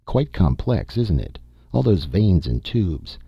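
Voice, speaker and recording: A man reading an audiobook, voicing an eager, nearsighted male archaeologist with an excited, curious delivery. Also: sits low, slow pace, creaky, slightly rough, no room sound, muffled recording, full character voice.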